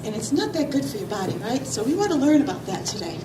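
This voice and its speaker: A woman's voice: on the high side, sing-song, fast. A woman physical trainer, a little out of breath, teaching kids and adults about healthy eating in an upbeat, coaxing way full of questions. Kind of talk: health talk to kids and families. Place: large hall with an audience. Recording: roomy echo, far from mic, loud crowd noise.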